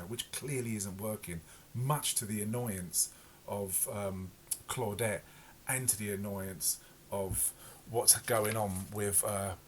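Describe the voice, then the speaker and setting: A man's voice: fairly low pitch, a little hiss or hum. A man reviewing a TV episode in casual, rambling talk full of fillers and self-corrections. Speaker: podcast reviewer.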